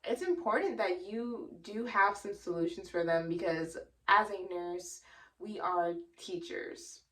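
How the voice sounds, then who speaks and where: A woman's voice: medium pitch, measured pace, fairly bright tone, distant mic. A young woman who works as a psychiatric nurse, explaining in a chatty, earnest way with a lot of "you know". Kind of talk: casual educational explainer.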